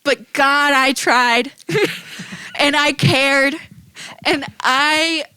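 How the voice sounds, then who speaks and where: A high-pitched woman with a bright, forceful tone, co-hosting a casual podcast chat. She talks at an unhurried pace and tells stories expressively. The sound is close and dry. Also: no room sound, poor audio. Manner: animated, expressive storyteller. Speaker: podcast co-host.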